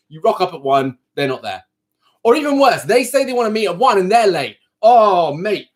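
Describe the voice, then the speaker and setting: Man, live stream host, coach, frank casual rant, slightly high voice. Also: big pitch swings, moderate pace. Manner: frank, ranting, talks straight to viewers.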